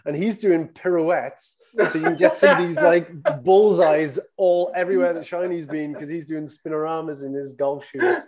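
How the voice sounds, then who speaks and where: A man, a former teammate, slowly retelling a funny story in casual chat. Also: fairly high pitch, fairly even intonation, crowd noise.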